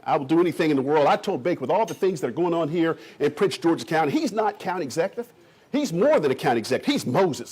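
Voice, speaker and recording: A man's voice: on the high side, lively intonation, fast, a little mellow. A man in his fifties from Kentucky, giving an enthusiastic, joking speech to a room of realtors as a county economic development official. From Kentucky, USA. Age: 50s. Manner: enthusiastic, jokey storyteller who riffs off the crowd. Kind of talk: energetic speech to a live audience.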